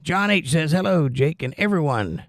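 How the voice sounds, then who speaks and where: A man's voice: fairly high pitch, sing-song, normal speed, no room sound. A man hosting a livestream, reading viewers' chat messages aloud and answering them with wry, teasing humor. He is out of breath and coughing while he recovers from the flu. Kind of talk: casual chat.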